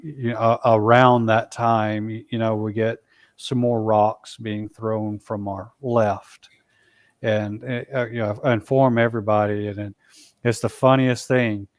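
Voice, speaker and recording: A man telling a long story as a guest in a casual interview, halting, with frequent restarts and asides. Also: on the low side, flat delivery, no echo. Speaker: guest, Bigfoot researcher.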